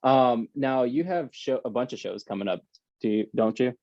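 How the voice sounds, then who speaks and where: A man's voice: medium pitch, moderate pace, a little mellow, no room sound. Podcast host man, dull dry sound. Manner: laughs often, short encouraging replies. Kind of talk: casual podcast chat.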